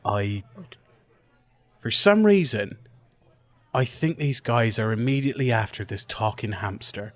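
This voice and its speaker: A man's voice: medium pitch, lively intonation, unhurried, pauses often, no room sound. Brash, sweary man playing a tabletop game. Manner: brash, blunt and sweary, laughing between lines. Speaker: player. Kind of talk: in-character tabletop play.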